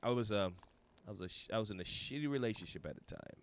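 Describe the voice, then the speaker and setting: A man's voice: fast talker, a little hiss or hum. A man in his thirties, a comedian guest on a podcast, telling a wild party story in casual chat, swearing freely and acting out other people's lines in a raised voice. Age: 30s. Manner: animated, swearing, acts out quotes in a high voice.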